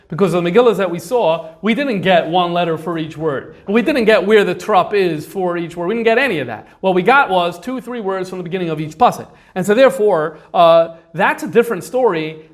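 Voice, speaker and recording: High-voiced man lecturing with many fillers. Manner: conversational, thinks aloud with frequent fillers. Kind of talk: informal lecture on manuscripts.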